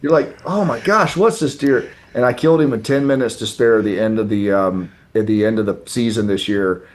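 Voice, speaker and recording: A man being interviewed on a podcast, telling a story in a casual, animated way and jumping high in pitch when he quotes himself. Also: fairly quick. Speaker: podcast guest.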